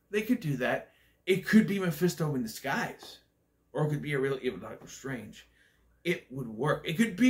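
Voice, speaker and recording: Male reviewer, slightly high voice, opinionated and blunt, casual ranting delivery with fillers. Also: a bit bright. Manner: loose, with fillers and restarts. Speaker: movie reviewer. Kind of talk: casual spoken movie review.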